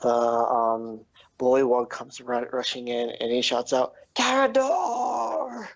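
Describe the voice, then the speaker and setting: A man narrating a tabletop game as game master, halting often with ums, on a dull lo-fi recording. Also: medium pitch, monotone, no room sound.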